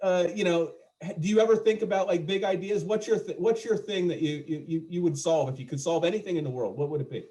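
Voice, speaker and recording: A man with a slightly raised pitch works through a stand-up set over a video call. His delivery is loose and chatty, full of self-deprecating riffs and asides to the audience. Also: fast, warm tone. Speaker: stand-up comedian.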